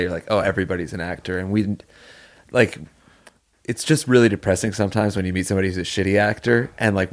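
Gravelly-voiced man telling stories. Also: fairly low pitch. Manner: animated anecdotes with laughter and acted-out quotes. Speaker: podcast co-host. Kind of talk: casual chat, storytelling.

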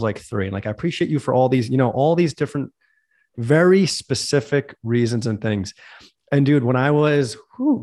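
A man's voice: medium pitch, darkish tone. A man hosting a podcast, talking in an earnest, heartfelt, rambling way. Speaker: podcast host. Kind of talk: casual conversation.

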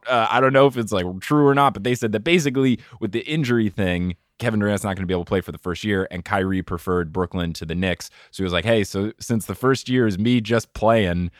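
A man co-hosting a podcast, chatting casually about basketball with quick, rambling asides. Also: lowish voice, no echo, clean studio sound. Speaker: podcast co-host. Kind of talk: casual sports chat.

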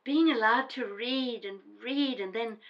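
An actress playing a grown daughter, a firm and defensive housewife, in an audio drama. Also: female voice, a little high, measured pace, lo-fi sound, lightly acted. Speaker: adult daughter.

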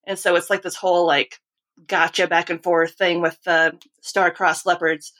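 A woman hosts a podcast and chats casually with her guests. Her voice is bright and crisp, and she tells stories in a rambling, chatty way. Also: on the low side, level tone, normal speed. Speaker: podcast host. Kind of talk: casual chat.

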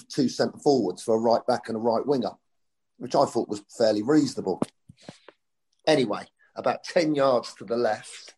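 A middle-aged football coach with a fairly low, darkish voice tells anecdotes in a chatty interview. He acts out the quotes as he goes through his stories.

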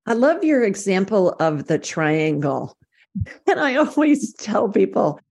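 A woman's voice: mid-range voice, a little mellow. A woman hosting an interview, chatting casually and enthusiastically. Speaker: host.

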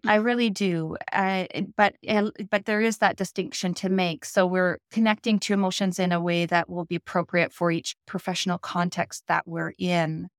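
A woman with a lowish voice explains things the way a speaking coach does, calm and methodical. Her voice is recorded close and dry, with no room around it. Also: clear, resonant tone, no echo. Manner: measured, explanatory, instructive. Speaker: public speaking coach, guest. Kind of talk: podcast interview.

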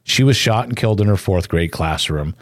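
Deep-voiced man reading somber news. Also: lively intonation, a little fast, no room sound, studio quality. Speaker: news narrator.

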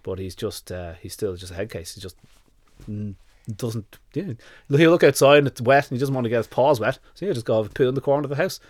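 A man's voice: mid-range voice, quick pace, dry recording. An Irish man, a dog nutritionist, telling stories in a casual podcast chat, acting out little scenes in a blunt, earthy way. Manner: animated storyteller who acts out little scenes.

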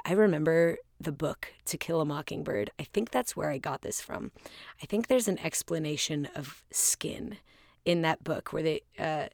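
A woman host telling a personal story in a casual, animated way. She laughs often at herself and acts out both sides of a conversation. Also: sits low, no echo, clean studio sound. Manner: casual, self-deprecating humor.

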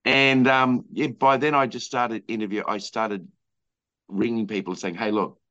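On lo-fi audio, an Australian man guesting as a filmmaker recounts his story in a rambling way, full of fillers and restarts, acting out quoted people. His voice sits on the low side, steady and fairly bright, at a moderate pace.

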